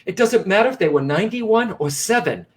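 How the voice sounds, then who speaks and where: A man's voice: high-pitched, lively intonation, brisk. A man co-hosting a live broadcast as a psychic medium, speaking earnestly and reassuringly straight to his viewers, often restarting and repeating phrases.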